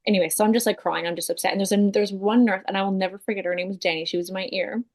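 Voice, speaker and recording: A woman in her thirties, a podcast guest, telling a personal story in a casual, animated way, full of fillers and the odd swear word. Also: mid-range voice, very fast. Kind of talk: casual chat.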